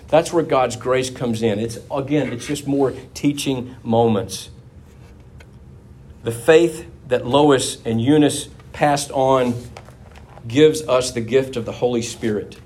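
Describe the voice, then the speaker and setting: A man's voice: mid-range voice, normal speed, darkish tone, slight background noise. A man preaching a sermon to his congregation in a conversational, folksy manner, with asides to the listeners.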